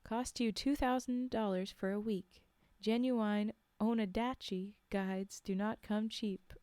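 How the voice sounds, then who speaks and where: A woman reading aloud and voicing a sly man who poses as a slow, solemn, mock-formal hunting guide. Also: mid-range voice, fairly even intonation, darkish tone, smooth, no echo, lightly acted.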